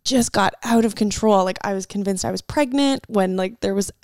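A young woman telling a personal story as a podcast guest. Her voice has a gravelly, fry-tinged texture, and it sounds dry and close to the mic. She talks casually and chattily, with plenty of fillers. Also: medium pitch, moderate pace, darkish tone, no echo.

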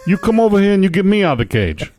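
A man's voice: sits high, big pitch swings, very fast, darkish tone, soft background music, pitched above the performer's own voice. A man doing a pushy pet rat. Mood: demanding. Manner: bossy, calls out repeatedly. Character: pushy pet male rat begging for attention.

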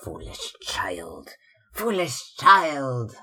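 A man's voice: mid-range voice, huge pitch swings, very slow, pushed and bright, husky, heavily acted. A man reading aloud, voicing a tired, anxious older mother with a fretful, scolding tone.

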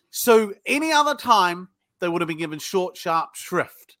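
A man's voice: sits high, very animated, unhurried, bright, forceful tone, dry recording, studio quality. A middle-aged British man speaking as a sales trainer in a podcast interview, blunt and salty, acting out both sides of sales calls as he tells stories. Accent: British English. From United Kingdom.

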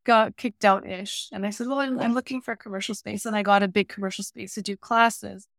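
Woman, interview guest; animated storyteller, dry close sound. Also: mid-range voice, a little fast, gravelly, no echo. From Canada. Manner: lively anecdotal storytelling with voiced asides. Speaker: podcast guest, baker and cooking teacher.

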